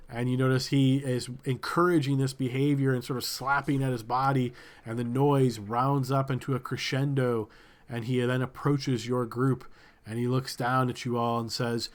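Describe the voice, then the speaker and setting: A man narrating a tabletop game as game master, relaxed and searching for words. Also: mid-range voice, normal speed.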